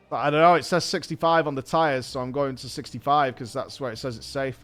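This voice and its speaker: This streamer host has a mid-range voice and talks fairly quickly with few pauses as he animatedly tells a story in casual chat. He swears and imitates people he met, over faint background music.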